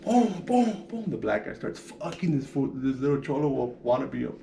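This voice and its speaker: A man's voice: medium pitch, steady tone, fairly quick, creaky, dark tone, a little hiss or hum. A young man telling a prison story casually, acting out punches sound effects and swearing freely.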